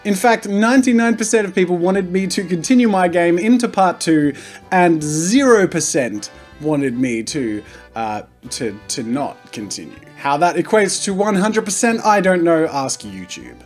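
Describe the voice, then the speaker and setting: Excitable man hosting gameplay. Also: high voice, normal speed, faint music behind. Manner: playful, excitable, jokey. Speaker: gaming video host. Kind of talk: energetic gameplay commentary.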